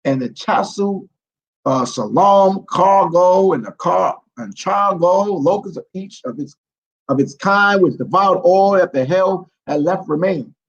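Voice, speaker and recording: A man's voice: high-pitched, unhurried, dull audio. A man reads scripture aloud, stumbling over words and breaking off into profane, incredulous commentary.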